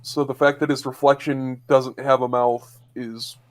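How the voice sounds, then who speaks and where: A man co-hosting a casual podcast chat, picking apart details with frequent pauses and restarts. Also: medium pitch, little pitch movement. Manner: hesitant and analytical, with frequent fillers and restarts. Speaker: podcast co-host.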